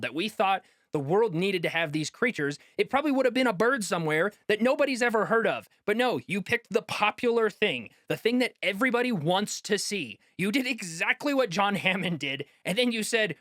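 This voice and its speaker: Man, slightly high voice, impassioned video-essay rant, mocking asides, dry close mic. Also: a bit bright, dry recording. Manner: heated, exasperated ranting with mocking quoted voices. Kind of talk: impassioned commentary.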